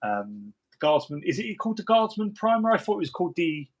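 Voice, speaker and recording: Guy, bit high voice, rambly jokey hobby chat. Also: big pitch swings, brisk. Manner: rambling, jokey, many restarts and asides. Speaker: hobby stream host. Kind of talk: casual chat while model painting.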